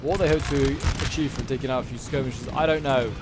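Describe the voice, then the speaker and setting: A man's voice: mid-range voice, fairly even intonation, fast talker, noisy background. A man giving chatty play-by-play commentary on a strategy game battle, with wry asides. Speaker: gameplay commentator.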